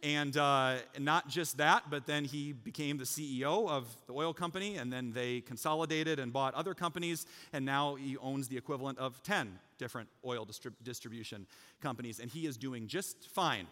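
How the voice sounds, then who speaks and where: A man preaching a sermon as pastor, talking casually with the congregation, joking and rising to loud, emphatic peaks. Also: mid-range voice, moderate pace, in a large hall. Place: church sanctuary.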